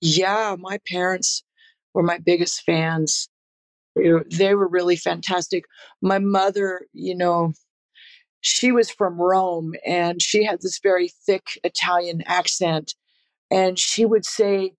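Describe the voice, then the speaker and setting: A woman's voice: lowish voice, little pitch movement, unhurried. Laid-back woman telling rock stories. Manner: laid-back, laughs often, frequent fillers and restarts. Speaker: guest musician. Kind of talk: casual interview storytelling.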